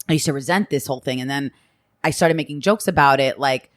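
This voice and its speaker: A young adult woman with a New York accent, a comedian guest on a podcast, talking in an animated way and jumping in often. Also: a bass voice, no echo, clean studio sound. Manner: animated, laughing, quick to jump in. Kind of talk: casual interview chat.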